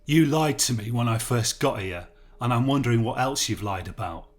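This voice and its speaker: A man's voice: medium pitch, expressive, normal speed, lightly acted. Guy playing a sarcastic tough prisoner, mocks everything, slangy and distrustful, story reading. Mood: mocking. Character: sneering streetwise male prisoner, mocking and distrustful.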